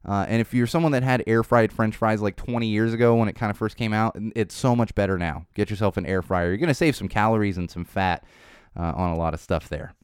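A man's voice: on the low side, quick pace, smooth, dry recording, clean studio sound. A tired man hosting a podcast, rambling off the cuff with tangents in a casual unscripted monologue. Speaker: podcast host.

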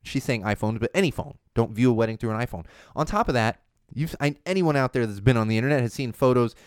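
A man in his thirties hosting a casual news chat podcast, animated and rambling, full of asides. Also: medium pitch, quick pace, clear, resonant tone, no echo, clean studio sound. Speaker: podcast host.

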